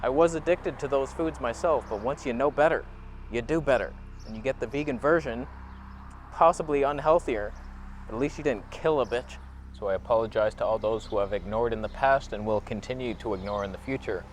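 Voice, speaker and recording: A man's voice: medium pitch, fairly quick, slight background noise. Rambling, earnest man vlogging to camera. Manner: rambling, earnest, half-joking. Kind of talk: casual confessional monologue to camera.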